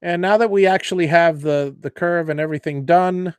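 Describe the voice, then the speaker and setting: A man hosting a live CNC tutorial, walking viewers through design software while thinking aloud, with fillers and self-corrections. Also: fairly high pitch, brisk, clean tone, no echo. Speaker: host of a CNC woodworking show.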